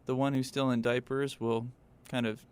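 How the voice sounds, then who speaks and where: A man's voice: mid-range voice, flat delivery, normal speed, clear, resonant tone. A man who plays guitar in a band, joking dryly while being interviewed in a radio studio. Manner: dry, joking. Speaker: guitarist and backup singer. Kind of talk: casual interview chat.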